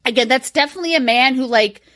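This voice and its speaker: A woman's voice: high-pitched, fast talker, pushed and bright, dry recording, clean studio sound. A young woman co-hosting a podcast, chatting casually, rambling and swearing with frequent laughter. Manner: giggly, profane, rambling. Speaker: podcast co-host. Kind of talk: casual chat.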